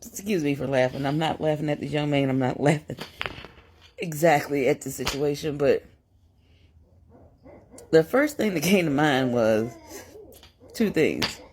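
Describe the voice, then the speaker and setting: A woman's voice: low voice, animated, a little slow, long pauses, darkish tone. A woman reacts to a news clip in casual commentary. Her tone is amused and sarcastic. Faint noise sits behind her voice. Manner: amused, sarcastic, laughing at times.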